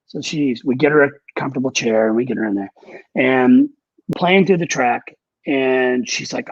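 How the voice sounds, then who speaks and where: A man's voice: mid-range voice, fairly quick, vocal fry, breathy edge, no room sound, highs cut off. A man who works as a recording engineer and producer, telling candid, profane studio anecdotes in a casual interview. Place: Nashville.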